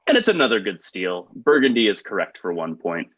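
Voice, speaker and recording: Reading trivia questions for an online quiz, this cheerful host has a low, husky, slightly bright voice and is very animated. He throws in quick jokes and laughs at them, captured in dry, dull, lo-fi video call audio.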